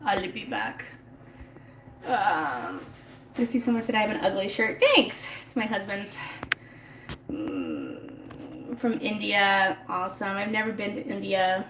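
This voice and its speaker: A woman's voice: mid-range voice, big pitch swings, slow, long pauses, roomy sound, background noise. A woman hosting a casual livestream, reading and answering viewer comments in a rambling, chatty way, talking into her phone. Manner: chatty and rambling, laughs often. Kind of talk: casual live chat.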